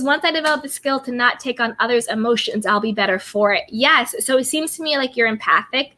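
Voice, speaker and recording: A woman's voice: on the high side, fairly quick, hardly any pauses, bright, forceful tone. A woman hosting a casual self-care livestream, greeting viewers from the chat and repeating upbeat affirmations. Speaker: livestream host reading chat.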